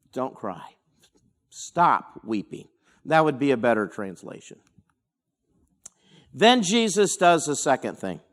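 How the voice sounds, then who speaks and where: Pastor, man, slightly high voice, measured teaching delivery. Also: fairly bright tone. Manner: unhurried, explanatory, with dramatic pauses. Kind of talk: verse-by-verse Bible study teaching.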